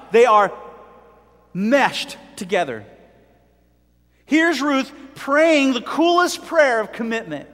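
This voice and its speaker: A middle-aged man preaching a sermon with animated delivery, telling stories and acting out voices. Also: extremely high pitch, slow, pauses often, in a large hall. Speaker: pastor.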